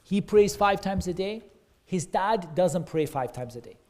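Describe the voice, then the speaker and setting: A man's voice: high-pitched, expressive, a little slow, darkish tone. A man teaching a class of children, asking them questions and praising and repeating their answers back. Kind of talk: interactive lesson for kids.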